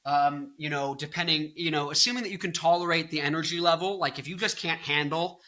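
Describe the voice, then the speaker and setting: Bright-voiced young man rambling casually. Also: fairly high pitch, fairly even intonation, brisk. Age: 20s. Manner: rambling, filler-heavy, joking. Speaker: vlogger and musician. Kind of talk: casual opinion vlog.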